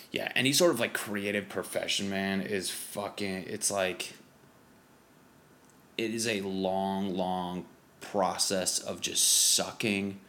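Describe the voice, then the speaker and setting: A young stand-up comic chats loosely on a casual podcast, rambling, swearing, and packing in fillers. His voice is fairly low and a bit bright.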